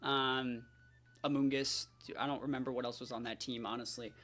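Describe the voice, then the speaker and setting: A man's voice: mid-range voice, flat delivery, moderate pace, a bit bright. A man giving live commentary on his own competitive game matches, hyped and full of slangy trash talk.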